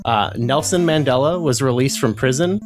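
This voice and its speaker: A man's voice: medium pitch, normal speed, music in the background. A man co-hosting a podcast in casual chat, rambling with lots of fillers. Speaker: podcast co-host.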